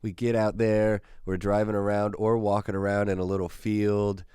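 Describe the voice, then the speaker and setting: A man's voice: lowish voice, level tone, moderate pace, dark tone, smooth, dry recording, studio quality. A man hosting his own show, telling a rambling, self-mocking story that gets him worked up. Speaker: podcast host. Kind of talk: casual storytelling monologue.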